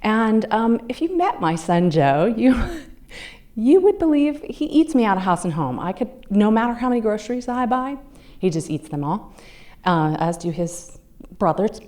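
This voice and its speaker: In a club meeting room, a woman in her fifties speaks as a guest, telling a personal story conversationally. Her medium-pitched voice is a little mellow, and she acts out the voices of the people she quotes.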